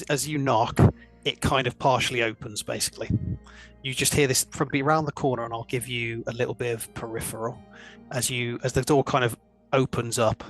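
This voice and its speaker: Guy running a d&d game, mid pitch, stops and repeats words a lot as he describes stuff. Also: fairly bright tone. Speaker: game master. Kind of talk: narrating a tabletop game.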